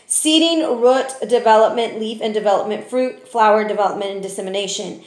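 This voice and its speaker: A woman's voice: medium pitch, a little fast. A woman giving a casual tarot reading, chatty and profane, often ending remarks with "okay?". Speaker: tarot reader. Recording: roomy echo.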